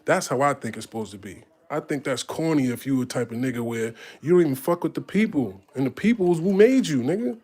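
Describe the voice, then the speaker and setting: A man telling casual stories from his tour, animated and profane, acting out voices as he goes. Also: medium pitch, quick pace, hardly any pauses. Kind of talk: casual storytelling.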